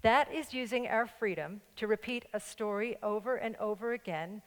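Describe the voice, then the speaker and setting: A woman's voice: medium pitch, moderate pace. An older woman pastor with a slight New York accent, giving a playful, joking sermon and laughing along with her congregation. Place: church sanctuary with congregation. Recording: long church-hall reverb.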